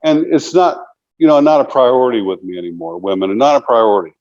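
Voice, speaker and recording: A man's voice: mid-range voice, fast talker, darkish tone, dull audio. A man in his sixties, an interview guest telling long casual stories, rambling and filling them with "you know". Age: 60s.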